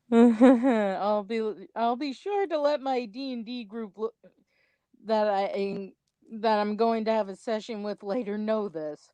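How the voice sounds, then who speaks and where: A woman's voice: fairly high pitch, slow, dark tone, no room sound. A young adult woman co-hosting a commentary video, chatty, rambling and a little self-conscious in casual chat.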